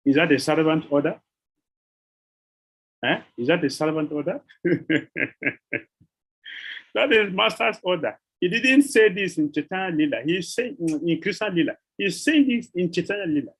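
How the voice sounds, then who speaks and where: A man delivering a devotional lecture, his voice husky and slightly raspy. He sits a touch higher than most men in pitch and tells the old stories with animated rhetorical questions, pressing listeners for an answer. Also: normal speed, pauses often, low-quality recording. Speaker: spiritual teacher.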